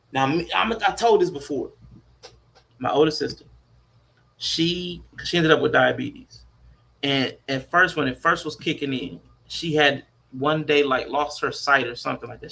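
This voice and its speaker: Gravelly, bright-voiced man telling a story. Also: a little high. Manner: animated storytelling, slipping into mock voices. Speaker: podcast co-host. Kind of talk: casual chat.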